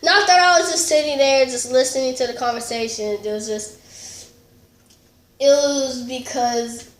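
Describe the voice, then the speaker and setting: A woman's voice: sits high, normal speed, reverberant. A woman telling a funny school story in casual chat, rambling and giggly with lots of fillers and restarts. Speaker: storytelling vlogger.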